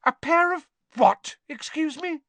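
High, indignant teenage schoolgirl, sharp and scolding, a man doing the voice. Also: very animated, moderate pace, no echo, full character voice. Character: bossy clever teenage schoolgirl.

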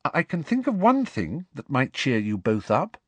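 A man reading aloud and voicing a caring teenage schoolgirl in a raised, lighter voice, in a gentle, hopeful manner. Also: on the low side, wildly swooping pitch, very slow, dry recording, full character voice. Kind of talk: audiobook character reading.

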